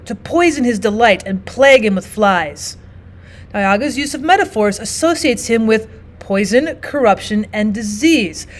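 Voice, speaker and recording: A woman with a fairly high voice walks through a literature lesson. She explains each point in a steady, patient way and often opens her sentences with "now" or "so". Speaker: literature teacher. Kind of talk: recorded lesson narration.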